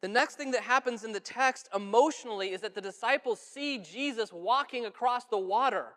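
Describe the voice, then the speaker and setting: High-ish voiced guy preaching in church, earnest and chatty, lots of echo tail. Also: brisk. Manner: earnest, conversational preaching with soft, hushed quotes. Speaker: pastor. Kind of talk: sermon. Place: church sanctuary. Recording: church sanctuary with long reverb.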